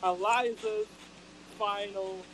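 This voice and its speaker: This podcast co-host has a high-pitched voice and takes his time, chatting casually and emotionally while he sings and performs quotes with gushing enthusiasm. The audio quality is poor.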